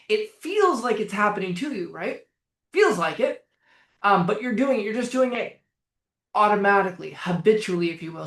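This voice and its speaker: A man's voice: high voice, echoey room. A man coaching viewers through anxiety and panic on a live stream, blunt, casual and emphatic, with the odd swear word.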